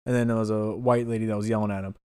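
A man's voice: on the low side, level tone, rapid-fire, mellow, clean tone, dry recording. Male co-host, casual, rambling anecdotes, lots of fillers; dry, close sound. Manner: rambling storyteller with many fillers and restarts. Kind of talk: casual chat.

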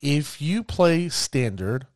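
A man giving casual commentary on card games, addressing his viewers as ladies and gentlemen and acting out players' reactions. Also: fairly high pitch, very animated, slow, no room sound, clean studio sound. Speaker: card game content creator.

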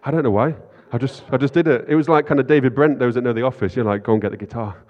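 Talking very fast in a medium-pitched voice with fairly flat intonation, a man delivers a relaxed sermon in a church hall. His manner is chatty and self-deprecating, he often asks "right?", and the sound is lo-fi and echoey from the reverberant hall.

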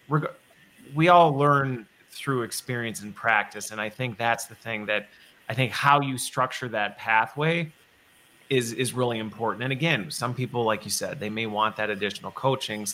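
Man, host, bright voice, conversational, rephrases mid-thought. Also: mid-range voice, normal speed, a little hiss or hum. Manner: thinks aloud, restarts and rephrases. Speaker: podcast host. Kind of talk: conversational interview.

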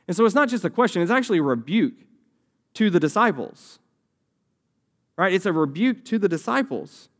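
A young man preaching a sermon as a youth pastor, talking conversationally and acting out voices from the story. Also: on the high side.

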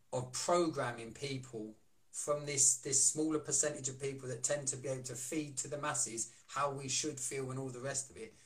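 A man's voice: fairly high pitch, a bit bright. A man coaching and chatting on a live stream, asking rhetorical questions and reading out viewer comments. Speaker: wellness coach and co-host. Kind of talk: casual live-stream talk.

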